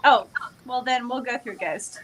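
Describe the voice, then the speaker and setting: A woman's voice: on the high side, a little slow, fairly bright tone, poor audio. A woman in a casual livestream chat who is enthusiastic and laughs easily. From American South. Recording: faint background noise.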